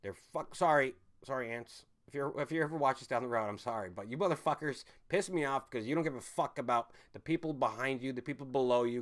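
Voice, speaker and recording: A man in a middle register ranting on his live stream. He swears constantly and swings between loud outbursts and low muttering, now and then stopping to read out the chat. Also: moderate pace. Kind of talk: profane live-stream rant.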